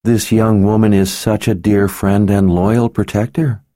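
A man voicing a sly, seductive woman in disguise who teases slowly and knowingly, in an audiobook. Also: fairly low pitch, level tone, mellow, no echo, studio quality, voice pushed up, natural voice. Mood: sly teasing. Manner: teasing, knowing, unhurried.

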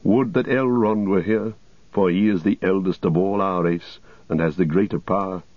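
A man voicing a grave, weary king returned from exile, speaking in a solemn, measured way in a storybook reading. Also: low-pitched, fairly even intonation, no echo. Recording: dull lo-fi recording.

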